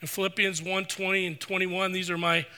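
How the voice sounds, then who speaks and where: Pastor, male, middle-aged: high, very bright sermon delivery, earnest. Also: level tone, clean tone. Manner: earnest, preacherly, slows for scripture. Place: church sanctuary.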